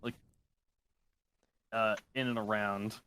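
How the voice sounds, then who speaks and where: A man playing a tabletop role-playing game, speaking in a hesitant, halting way. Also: on the low side, little pitch movement, sharp tone, smooth. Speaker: player. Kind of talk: casual tabletop game play.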